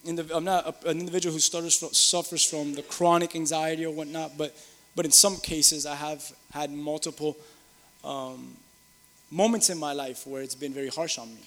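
Earnest pastor in a reverberant hall. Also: male voice, on the high side, steady tone, moderate pace, fairly bright tone. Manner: earnest, building to emphatic peaks, repetitive phrasing. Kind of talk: sermon.

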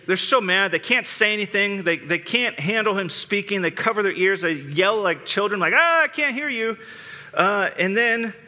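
Bright-voiced man preaching in a hall. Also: sits high. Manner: conversational preaching with frequent restarts. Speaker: pastor. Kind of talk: sermon.

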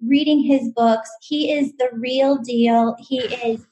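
A woman's voice: fairly high pitch, fairly even intonation, slow, warm tone, low-quality recording. A woman hosting a spiritual podcast, gushing with earnest praise for her guest. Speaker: podcast host.

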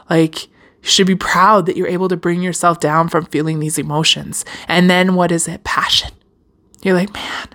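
A woman hosting a casual self-help podcast, speaking straight to her listeners with lively swings in pitch and the odd swear word. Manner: animated, swearing, addresses listeners directly. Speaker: podcast host. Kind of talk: motivational self-help talk.

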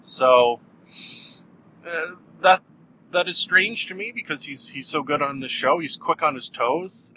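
A man hosting his own podcast, rambling goofily and mocking himself, with sudden loud bursts. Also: mid-range voice, slight background noise, low-quality recording. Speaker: podcast host. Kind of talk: casual solo podcast monologue.

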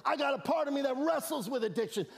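A man preaching an animated sermon as a guest speaker, with slangy asides and shouted emphasis. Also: extremely high pitch, quick pace, vocal fry, big-room sound. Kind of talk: energetic sermon. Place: church sanctuary.

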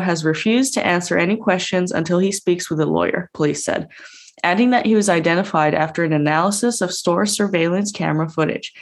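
Woman reading news steadily. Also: fairly low pitch. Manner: steady, matter-of-fact. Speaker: podcast co-host reading news.

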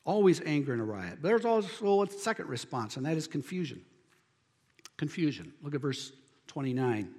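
A man preaching a sermon as pastor, building to emphatic near-shouts on key lines. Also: on the high side, big pitch swings, normal speed, long reverb tail.

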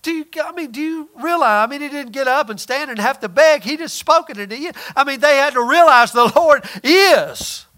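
Male pastor, sermon delivery, high and bright, big dynamic swings. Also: animated, moderate pace, hardly any pauses. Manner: preaching with swings from loud emphasis to near-whispered lines.

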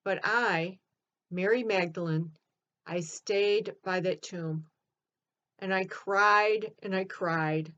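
A woman's voice: medium pitch, slow pace. A woman playing Mary Magdalene, earnest storyteller, lo-fi. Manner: earnest, expressive storytelling with emphatic outbursts. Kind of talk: first-person dramatic monologue.

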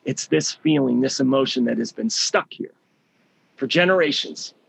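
A man's voice: mid-range voice, moderate pace, vocal fry, a bit bright, slightly rough, dry recording. A middle-aged man leading a healing program, giving a motivational talk with emphatic storytelling and words repeated for stress.

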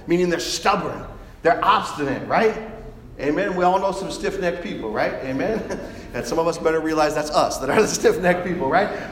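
A man with a fairly high voice preaches a sermon in a large, echoey church hall where every word carries a long reverb tail. He asks the congregation for amens and works up to fervent, pleading peaks. Faint room ambience stays under his voice. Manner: preaching with rising intensity, calls for amens. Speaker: pastor.

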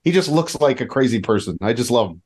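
A man chatting on a podcast with a voice of ordinary pitch. He is jokey and enthusiastic and laughs often. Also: lively intonation, fast talker, darkish tone. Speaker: podcast co-host. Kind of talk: casual chat.

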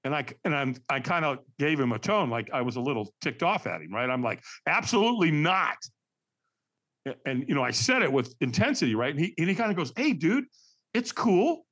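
A man telling a personal story as a podcast guest, energetic and vivid, acting out what others said. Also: medium pitch, fast. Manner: energetic, acts out quoted voices, frequent restarts. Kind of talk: animated storytelling.

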